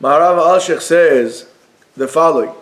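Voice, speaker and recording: A man with a fairly high voice teaches a Torah class indoors in a yeshiva study room, speaking at normal speed. He's lively, acts out the text's dialogue, and shifts between Hebrew quotes and plain explanation.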